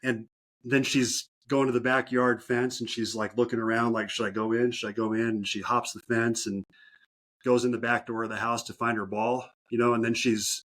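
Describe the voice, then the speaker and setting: A male podcast host chats with his guest at an easy pace. He tells anecdotes in a relaxed, conversational way. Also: medium pitch, normal speed. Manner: relaxed storyteller, chatty. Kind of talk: casual interview chat.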